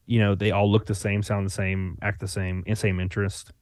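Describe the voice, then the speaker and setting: A man's voice: lowish voice, level tone, a little fast, darkish tone, no room sound. Laid-back Southern man, dry close mic. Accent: Southern US (Alabama). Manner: rambling, laid-back, swears freely. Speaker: podcast guest. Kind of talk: casual chat.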